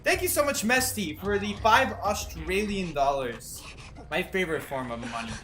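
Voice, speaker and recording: A game streamer giving live gameplay commentary, excitable and swinging between shouts and flat exasperation. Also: mid-range voice, moderate pace, music in the background.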